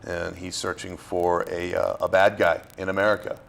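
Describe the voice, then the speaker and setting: Very deep-voiced man, halting talk. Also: creaky. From Florida. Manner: relaxed, halting with fillers and restarts. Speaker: actor guest. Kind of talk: casual interview talk.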